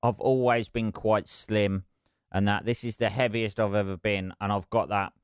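A man's voice: on the low side, fairly even intonation, moderate pace, smooth, dry recording, studio quality. A middle-aged man hosting his solo podcast, rambling, sweary and self-mocking. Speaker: podcast host. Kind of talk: casual solo podcast chat.

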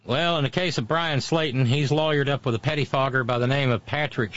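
A man's voice: medium pitch, a little fast, few pauses, fairly bright tone, muffled recording. Sardonic male commentary host. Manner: sardonic, mocking, with frequent asides. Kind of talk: casual political commentary.

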